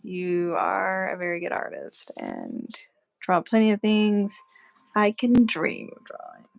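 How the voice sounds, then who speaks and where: Woman co-host, gravelly, talkative and quick to laugh. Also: mid-range voice, wildly swooping pitch. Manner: chatty storyteller, laughs easily. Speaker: co-host, artist. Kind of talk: casual chat while painting.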